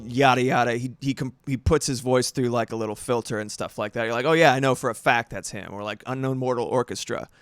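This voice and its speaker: A man's voice: medium pitch, clear, resonant tone, dry recording. A man in his thirties chatting casually on a livestream, rambling and self-deprecating, with some swearing. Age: 30s.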